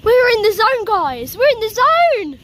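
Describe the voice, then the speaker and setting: Woman, storm vlogger, very animated, gasping exclamations, outdoors in thunderstorm, faint rain noise. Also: extremely high pitch, a little slow. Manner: excitable, gasping exclamations, repeated "oh my God". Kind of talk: live storm vlog, talking to viewers. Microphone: handheld or propped camera. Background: rain, wind and thunder.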